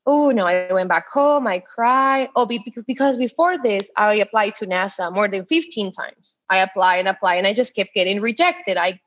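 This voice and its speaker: A woman's voice: mid-range voice, normal speed, hardly any pauses, a bit bright, dry recording, lo-fi sound. A woman in her twenties from El Paso, a guest telling a long story and acting out the voices of the people in it, laughing often. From El Paso, Texas. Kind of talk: storytelling interview.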